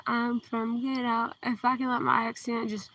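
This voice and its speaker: A woman with a southern Kentucky accent, chatting on a livestream outdoors at night, speaking slowly and carefully enunciating into a phone. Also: a little high, flat delivery. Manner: slow, deliberately enunciated, soft-spoken. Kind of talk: casual livestream chat. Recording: distant phone mic, faint outdoor hiss.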